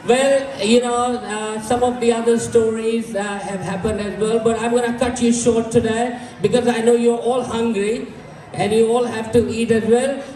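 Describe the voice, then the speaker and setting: A man's voice: extremely high pitch, steady tone, normal speed, a little mellow, a little hiss or hum. A man with an Indian English accent doing a stand-up comedy set, telling stories and acting out the voices of the people in them. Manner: storytelling, acts out quoted voices. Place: community hall with live audience. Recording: echoey hall, voice from far off.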